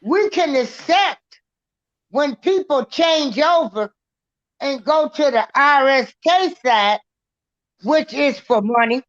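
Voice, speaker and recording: Woman, live stream panelist, unhurried with fillers, slow pace. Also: high voice, lively intonation. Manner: unhurried, drawn-out recap with fillers. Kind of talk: casual live stream talk. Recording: dull, muffled stream audio.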